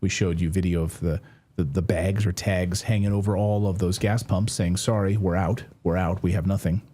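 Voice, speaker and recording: A man's voice: low-pitched, steady tone, normal speed, mellow. A middle-aged man hosting a news commentary show, talking to camera in a conversational way, correcting himself and dropping wry asides.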